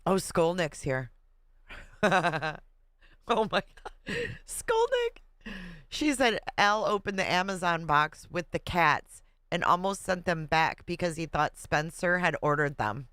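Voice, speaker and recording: A livestream host in easy, chatty mode, reading out viewer comments and laughing along. The voice is smooth and clean, recorded dry and close on a desk mic. The delivery is slow and unhurried. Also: mid-range voice, bright, forceful tone, dry recording. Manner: chatty, laughs often, reads comments aloud.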